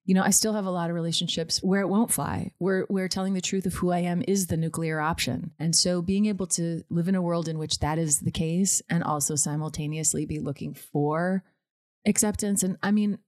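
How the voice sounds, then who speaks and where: A woman's voice: fairly low pitch, fairly even intonation, fairly quick, darkish tone, no echo, clean studio sound. A woman guest on a podcast talking candidly and emotionally in casual conversation. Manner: candid, emotional, laughs easily.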